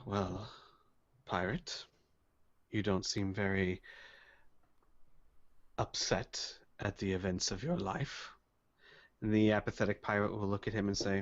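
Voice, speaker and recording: A man narrating a tabletop role-playing game as game master, speaking in a slow, measured way and voicing characters. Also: on the low side, flat delivery. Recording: muffled lo-fi voice chat.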